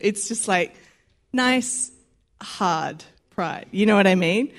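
A woman's voice: medium pitch, animated, takes it slowly. A young Australian woman giving a sermon in a chatty, conversational way, acting out little quoted voices and laughing easily. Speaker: preacher.

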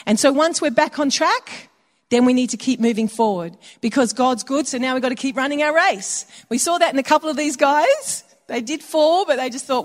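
A woman's voice: high voice, lively intonation, fairly quick. A woman preaching a sermon in a conversational way, slipping into quoted voices for little asides. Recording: long hall reverb.

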